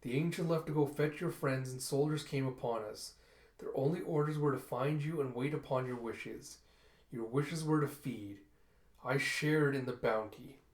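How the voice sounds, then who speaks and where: A man voicing a cold female inquisitor from a comic book, speaking slowly and calmly. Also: medium pitch, reverberant, lightly acted.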